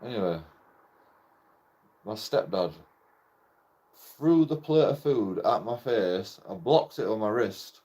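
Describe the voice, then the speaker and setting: A man's voice: lowish voice, animated, slow, long pauses, dark tone. A young man tells a personal story in a casual, rambling way. He swears constantly and breaks off with short laughs between phrases. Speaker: channel host telling a personal story.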